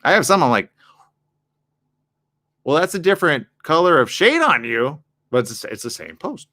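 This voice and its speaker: Animated male talk show host. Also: fairly high pitch, normal speed, dry recording, clean studio sound. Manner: animated, acts out both sides of arguments; addresses the ladies in the audience directly. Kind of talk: talk show monologue, casual advice.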